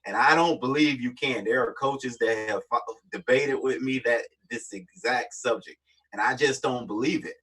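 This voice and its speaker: A man's voice: medium pitch, normal speed, a bit bright, slightly rough. A male co-host giving blunt, emphatic opinions in casual sports talk. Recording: distant mic.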